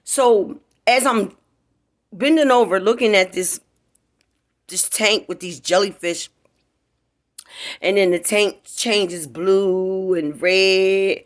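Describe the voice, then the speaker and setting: A woman's voice: mid-range voice, takes it slowly, long pauses. A woman tells a casual, profane storytime to her viewers at home. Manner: profane, chatty, talks straight to viewers. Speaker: vlogger. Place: home, indoors.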